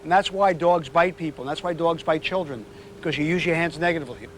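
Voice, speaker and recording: A man's voice: fast, slight background noise. A man working as a dog trainer, explaining a temperament test to a couple in a casual, talkative way. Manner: chatty, explanatory, goes high and sing-song coaxing the dog. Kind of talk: on-location dog training demo.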